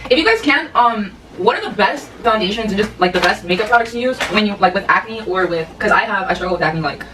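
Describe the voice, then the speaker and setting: A woman's voice: mid-range voice, animated, fast, reverberant. A young woman chatting casually and playfully as co-host of a beauty vlog. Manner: playful, teasing. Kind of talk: casual chat. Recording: distant mic with noise.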